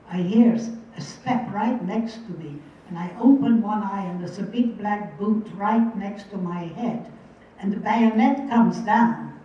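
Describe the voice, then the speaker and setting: An earnest woman in her eighties recounts her story before a live audience, and her warm, mellow voice sounds distant from the mic. The big room rings with heavy echo, and the muffled, dull recording carries a faint hum. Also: medium pitch. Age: 80s. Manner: earnest, vivid retelling with repeated phrases. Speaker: guest speaker. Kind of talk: personal storytelling talk to an audience.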